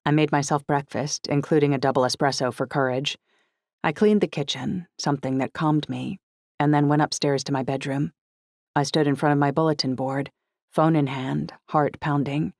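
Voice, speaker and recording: An audiobook narrator reading a first-person novel in a reflective, even storytelling manner. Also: mid-range voice, normal speed, dry recording, clean studio sound.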